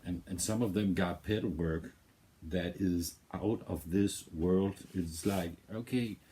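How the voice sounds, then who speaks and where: A man's voice: low-pitched, slow, mellow, husky. A man hosting a music reaction video, rambling in casual commentary and swearing freely.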